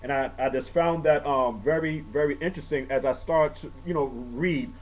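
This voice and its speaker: A man delivering a sermon in a casual, explanatory way. His voice sits a little on the higher side, and he keeps checking in with his listeners. He lifts his voice when he stresses a point. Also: normal speed, a little hiss or hum, rough recording. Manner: conversational, frequent "okay" check-ins, rises when emphatic. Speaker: preacher. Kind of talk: sermon teaching.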